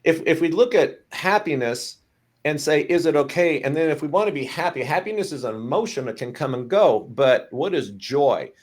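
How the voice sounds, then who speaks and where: A man's voice: fairly high pitch, lively intonation, normal speed. A man speaking earnestly as a podcast guest, stumbling over his starts. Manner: earnest, repeats himself when starting. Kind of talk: casual chat.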